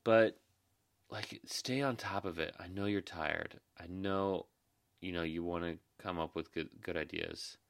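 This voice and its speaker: A man's voice: sits low, unhurried, dry recording. A tired young man, a new dad and emergency manager, hosting a podcast in an earnest, reassuring, rambling way. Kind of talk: casual podcast monologue.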